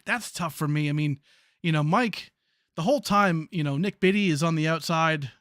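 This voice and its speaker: A man with a high, light voice calling a sim truck race play-by-play. He talks in a chatty, excitable way, full of fillers and quick reactions to the action. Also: no room sound, studio quality. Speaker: sim racing play-by-play commentator. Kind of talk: live race commentary.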